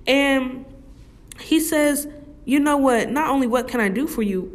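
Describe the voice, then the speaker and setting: A woman giving a casual Bible study, reading scripture slowly and talking it through, often asking "right?". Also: sits high. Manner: slow, conversational, often asks "right?"; reads scripture slowly and deliberately. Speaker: Bible teacher.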